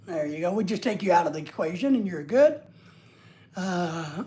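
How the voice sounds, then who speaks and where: A man's voice: high voice, expressive, normal speed, warm tone. A man hosting a livestream, chatting casually and reading viewer comments aloud in a rambling, joking way. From United States. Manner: rambling and joking, with frequent restarts. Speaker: livestream host.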